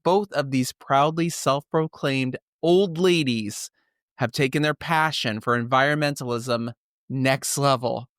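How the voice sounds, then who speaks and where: A man's voice: medium pitch, measured pace, a bit bright, no echo, studio quality. A man hosting an upbeat podcast, enthusiastic and playful as he tells stories and welcomes guests. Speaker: podcast host.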